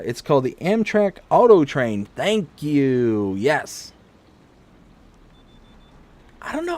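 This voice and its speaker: Man, 40s, from michigan, casual game-stream chatter, rambling, pitch swings up and down. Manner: rambling, jumps to high pitch when excited. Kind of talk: casual live-stream chat while playing.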